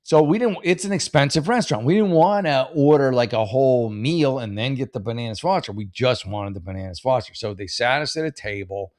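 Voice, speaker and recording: A man riffs through reader posts in a loose, rambling, sarcastic way, cursing freely and tripping over his own restarts. His voice sits at an ordinary middle pitch. The sound is dry and close, with no room echo at all. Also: a little fast, hardly any pauses, darkish tone. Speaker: host reading and reacting to advice posts. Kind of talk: casual comedic commentary.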